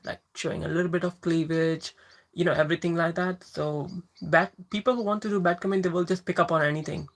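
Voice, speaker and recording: A woman with a notably low voice chats casually with her viewers, answering questions. She talks thoughtfully, searching for words and often restarting her sentences. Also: fairly bright tone. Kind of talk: casual livestream Q&A.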